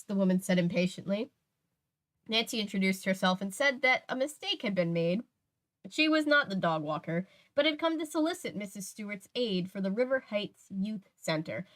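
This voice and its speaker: A woman's voice: medium pitch, moderate pace. A woman casually reading a novel aloud, stopping for chatty asides and correcting her own slips. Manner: relaxed, self-correcting, laughs at asides. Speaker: channel host reading a book aloud.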